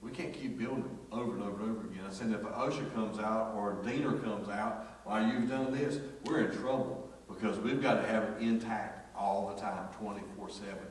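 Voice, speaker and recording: A man's voice: on the low side, fairly quick, hardly any pauses. A man preaches from the pulpit, spinning a folksy workplace story and acting out each voice. His voice rings through a big echoey church sanctuary. He sits some way off the microphone, and a faint hum runs underneath. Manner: folksy, animated storytelling with acted quotes. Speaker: pastor. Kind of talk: storytelling sermon. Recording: echoey church hall from far off.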